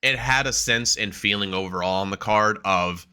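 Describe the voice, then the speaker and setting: A man's voice: on the low side, normal speed, bright, forceful tone, clean tone. A man co-hosting a wrestling podcast, chatting casually, swearing freely and laughing often as he acts out quotes. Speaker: podcast co-host.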